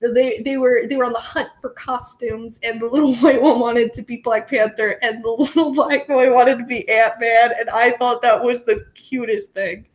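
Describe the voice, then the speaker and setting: Excitable high-voiced woman telling stories. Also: normal speed, hardly any pauses. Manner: excitable storyteller, laughs often. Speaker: guest. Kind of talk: casual podcast chat.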